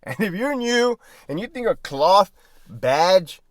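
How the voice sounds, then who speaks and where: A man's voice: sits high, takes it slowly, dry recording, studio quality. A man who was a prison guard tells stories casually, swearing freely, laughing mid-sentence and tagging lines with "right?". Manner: animated, asks "right?" constantly. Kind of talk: casual storytelling.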